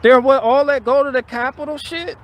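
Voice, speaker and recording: A man with a notably high, fairly bright voice rants bluntly and profanely on a casual live stream, speaking fairly quickly. He repeats himself and restarts phrases as the rant builds, and a faint hiss of noise runs under the recording.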